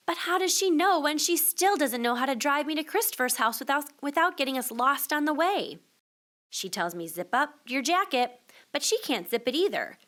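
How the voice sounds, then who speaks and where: A woman teacher reading a children's picture book aloud to young listeners, expressive and switching voices for the child and the mother. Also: fairly high pitch. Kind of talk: children's storybook read-aloud.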